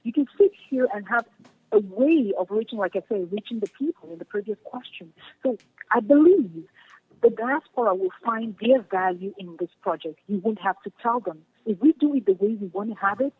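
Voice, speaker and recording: A woman speaks through a tinny phone line. Her voice is a little husky, and the line sounds close and dry. She talks earnestly and with passion, circling back to her main points. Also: mid-range voice, expressive, moderate pace, no echo. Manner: earnest, passionate, repeats key phrases. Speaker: guest. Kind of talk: phone interview. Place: home in Germany.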